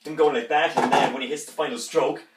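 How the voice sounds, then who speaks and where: A man's voice: a little high, fairly even intonation, quick pace, very noisy. A man giving a rambling, enthusiastic music review during an unboxing, humming instrument parts along the way. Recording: roomy echo, distant from the mic.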